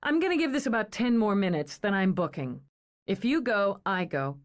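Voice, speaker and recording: A woman's voice: medium pitch, expressive, normal speed, close to an everyday voice. A woman doing blunt wry Dana. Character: blunt, irritable young woman librarian.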